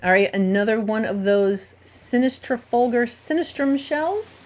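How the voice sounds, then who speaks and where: Bubbly woman with a lively voice. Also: on the high side, measured pace. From Southwest Florida. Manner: bubbly, gushing, talks to shells. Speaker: beach shelling vlogger. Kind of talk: casual narrated vlog. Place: outdoors on a beach.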